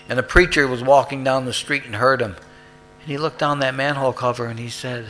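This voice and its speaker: Man sharing at a recovery meeting, emphatic storyteller, bright tone. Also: medium pitch, fairly even intonation, brisk, soft background music. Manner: emphatic, rising to loud peaks. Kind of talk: personal storytelling share.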